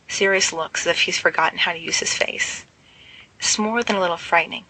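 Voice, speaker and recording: A woman reading fan fiction aloud with even, expressive storytelling. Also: lowish voice, a little fast, low-quality recording. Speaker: audiobook reader.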